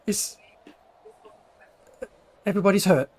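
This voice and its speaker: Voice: medium pitch, measured pace, darkish tone, pitched above the performer's own voice, natural voice. A game master voicing a nervous young woman traveler who stammers and hesitates. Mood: startled.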